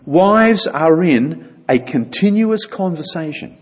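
Husky man giving a lively church talk. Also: fairly high pitch, slow pace, long reverb tail. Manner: conversational, acts out little dialogues. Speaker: church speaker.

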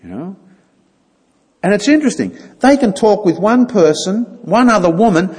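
A man's voice: high voice, animated, moderate pace, a little mellow, slightly rough, in a large hall. A man giving an informal church talk, chatty and now and then acting out little dialogues. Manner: conversational, acts out little dialogues. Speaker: church speaker.

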